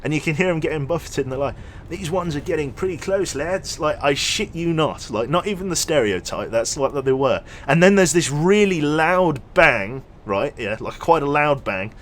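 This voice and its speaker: A young man casually commentating his gameplay on a livestream, chatty and quick to launch into an animated story. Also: a little high, a little hiss or hum. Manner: chatty, animated storyteller who thanks subscribers. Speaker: streamer.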